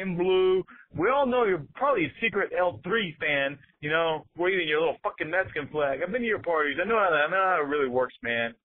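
A man leaving an agitated, profane rant as a voicemail message from a soccer fan. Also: on the high side. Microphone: phone. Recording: tinny phone voicemail line.

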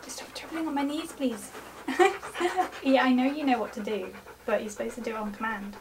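Fairly high-pitched and steady, a dog trainer talks fairly quickly as she chats with viewers in a laid-back how-to vlog. She gives her dog short commands and praises it cheerfully. The recording has a distant mic and noticeable background noise.

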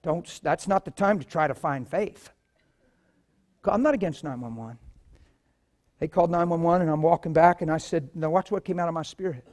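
A man preaching a sermon and telling stories, swinging from low murmurs to loud shouts. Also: fairly even intonation, a little fast, few pauses. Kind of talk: sermon with testimonies.

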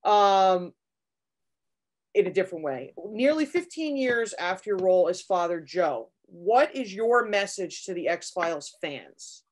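Female fan-podcast host, middle-pitched voice, asks questions with occasional restarts. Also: expressive, unhurried. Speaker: interviewer.

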